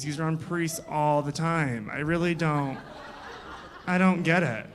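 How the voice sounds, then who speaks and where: A man's voice: on the high side, unhurried. A young man from Iowa doing live stand-up on a bar stage, crude and sarcastic, teasing the crowd. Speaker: comedian and host.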